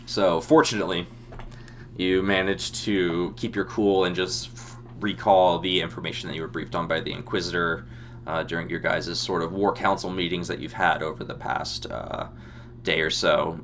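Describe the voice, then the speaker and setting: A man running a tabletop role-playing game as game master, narrating the scene in a relaxed way with frequent ums. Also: low-pitched, normal speed, a little hiss or hum. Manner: descriptive, relaxed, many ums.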